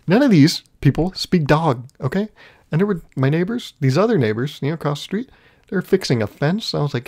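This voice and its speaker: A man's voice: on the high side, sing-song, fairly quick, darkish tone. A young man hosting his own podcast, telling rambling, self-deprecating comic stories in a solo monologue. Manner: rambling, self-deprecating storytelling with frequent laughs. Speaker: podcast host.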